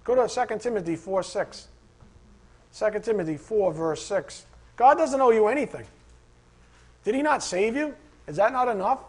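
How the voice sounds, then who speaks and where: A higher-pitched man with a husky, slightly breathy voice preaches to his congregation. He tells animated stories, acts out little asides and fires rhetorical questions between Scripture readings. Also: moderate pace, pauses often. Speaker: pastor. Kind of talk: sermon.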